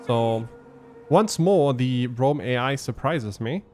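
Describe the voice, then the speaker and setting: A man's voice: mid-range voice, animated, slow pace. Man explaining game tactics over faint music. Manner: thinking aloud, explaining tactics with frequent ums. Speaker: let's play host. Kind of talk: casual gameplay commentary.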